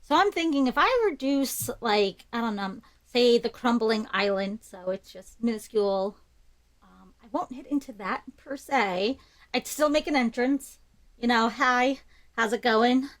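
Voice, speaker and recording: Player, female, slightly high, giggly, thinks out loud. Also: rough recording. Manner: quick, giggly, thinking aloud. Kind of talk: in-character storytelling in a tabletop game.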